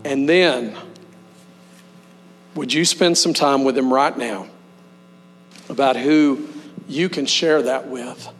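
A man pastor delivering a sermon, leading the congregation in slow, emphatic call-and-response. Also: medium pitch. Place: church sanctuary. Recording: long hall reverb with mains hum.

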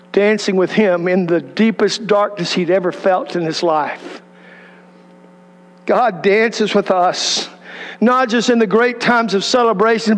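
A middle-aged pastor preaches in a conversational, storytelling way, often turning to the congregation with questions. His voice sits high for a man, and a long reverb hangs behind it in a big church. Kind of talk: sermon. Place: church sanctuary.

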